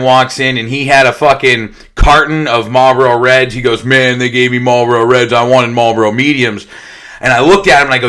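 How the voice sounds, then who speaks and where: A young man who works at a detox center tells his own recovery story in a casual, blunt way, swearing constantly. His voice is mid-range with a sharp tone.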